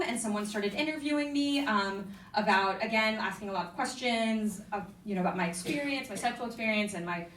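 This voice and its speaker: A young woman telling a personal story at an event, candid and self-deprecating with quick asides. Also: on the high side, fairly bright tone, a little hiss or hum. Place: event venue with an audience. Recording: echoey room, mic from a distance.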